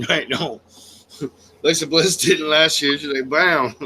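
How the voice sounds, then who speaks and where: Brief: male co-host, easygoing profane banter, bright forceful voice. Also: a little high, measured pace, breathy edge, poor audio. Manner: laid-back, laughing, profane. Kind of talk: casual banter on a livestream show.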